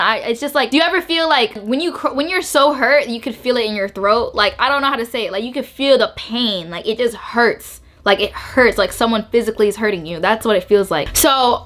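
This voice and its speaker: A woman's voice: a little high, a bit bright. Bubbly, emphatic young woman vlogging. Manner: bubbly, emphatic, repeats words and says "like" a lot. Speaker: YouTuber. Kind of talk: emotional storytime to camera.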